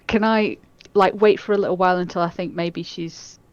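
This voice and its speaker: A woman playing a tabletop game, talking hesitantly with many pauses. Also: on the low side, fairly even intonation, no room sound, muffled recording. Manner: hesitant, lots of ums and restarts. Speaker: player. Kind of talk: casual tabletop play.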